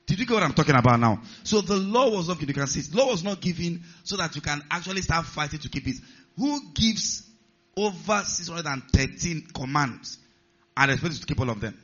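Guy preaching a sermon, kinda high voice, stretches words out, quizzes the crowd, slightly muffled sound. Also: expressive, a bit bright. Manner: emphatic preaching, drawn-out key words, questions to the congregation. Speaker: pastor.

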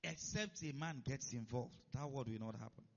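A man's voice: medium pitch, moderate pace. A man preaching a sermon, who keeps stopping to check that his listeners are following. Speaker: pastor. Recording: dull lo-fi recording.

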